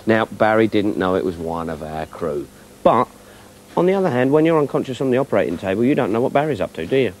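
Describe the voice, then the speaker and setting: A man hosting a comedy show, talking in a dry, mocking way that turns excitable. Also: fairly low pitch, fast, a little hiss or hum. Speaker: host. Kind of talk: comic presenting to camera.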